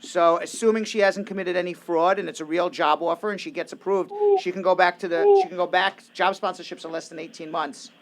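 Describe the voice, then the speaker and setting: A male call-in host with a somewhat high voice talks with brisk confidence. He lays out answers plainly and teases his co-host between calls. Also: expressive, vocal fry. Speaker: immigration lawyer and radio host. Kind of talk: call-in radio advice.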